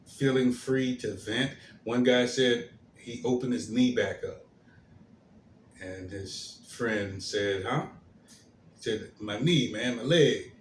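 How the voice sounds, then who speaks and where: A man of middle pitch delivers his commentary stream at a slow, unhurried pace. He hesitates often, filling gaps with fillers and restarting his phrases before they trail off softly. His voice carries a roomy echo over a faint background hiss. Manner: halting, many fillers and restarts, soft trailing endings.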